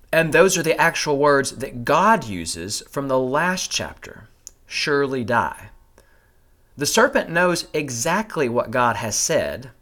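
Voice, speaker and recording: A man teaches a Bible passage in a measured, explanatory way, raising rhetorical questions as he goes. His voice sits in an ordinary middle register, but it moves up and down a lot and stays animated. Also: mid-range voice. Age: adult with a family. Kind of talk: scripted teaching narration.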